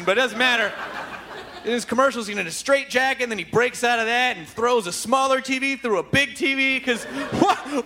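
A man's voice: extremely high pitch, fairly quick. A man hosting a live comedy podcast on a theater stage, hyper, rambling and profane. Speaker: podcast host. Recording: live venue with crowd noise.

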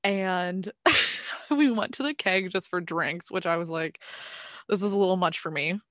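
A woman's voice: on the low side, measured pace, no echo. Young woman, Canadian, chatty co-host, acts out quotes, dry close sound. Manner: animated storyteller who acts out quoted dialogue. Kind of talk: casual chat.

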